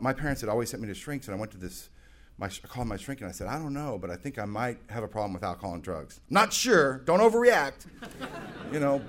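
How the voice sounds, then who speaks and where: A man in his forties telling his recovery story to a meeting with self-mocking humor, rambling along and bursting into loud, excited quotes. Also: fairly low pitch. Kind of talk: personal testimony with humor.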